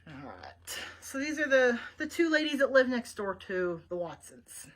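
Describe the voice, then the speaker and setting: A woman's voice: a little high, big pitch swings, moderate pace, a bit bright. A woman librarian reading a storybook aloud to children, with chatty asides about the pictures, recorded on a webcam. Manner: chatty asides to young listeners, showing pictures.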